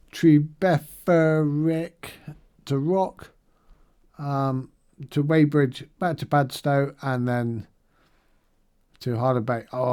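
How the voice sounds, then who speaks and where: A man's voice: medium pitch, mellow. A middle-aged man giving a casual, upbeat video-diary recap of a charity challenge day, chatty and rambling with fillers and asides.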